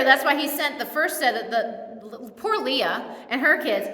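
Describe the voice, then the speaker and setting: Bright-voiced woman pastor in an echoing hall. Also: sits high, expressive, a little slow, few pauses. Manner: casual, humorous storytelling. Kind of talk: sermon. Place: church sanctuary. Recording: echoey church hall.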